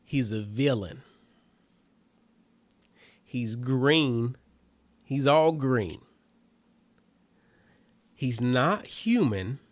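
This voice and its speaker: A man's voice: medium pitch, lively intonation, drawn-out words, pauses often, no echo. A comedian hosting his own show, chatting casually and loosely to listeners with lots of fillers and calling them family. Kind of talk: casual solo chat to listeners.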